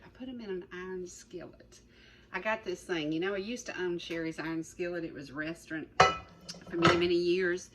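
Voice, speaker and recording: A woman's voice: fairly low pitch, slight background noise, rough recording. A middle-aged woman hosting a cooking show, chatty and rambling, repeating her words as she demonstrates. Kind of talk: folksy cooking demonstration chat.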